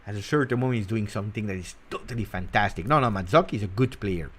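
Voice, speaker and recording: A man hosting a casual football talk show, animated and teasing, jumping between loud bursts and quiet mutters. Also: fairly low pitch, fast, hardly any pauses. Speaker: football channel host. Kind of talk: casual live commentary.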